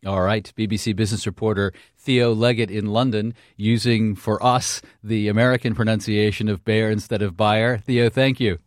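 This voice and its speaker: A man's voice: fairly low pitch, steady tone, normal speed, hardly any pauses, no echo, studio quality. Wry male radio news host.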